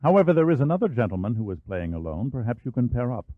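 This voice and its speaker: A man's voice: medium pitch, sing-song, fast, dry recording. A man voicing a courteous, businesslike club manager in an audiobook. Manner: polite, businesslike. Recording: dry, phone-like narrow band.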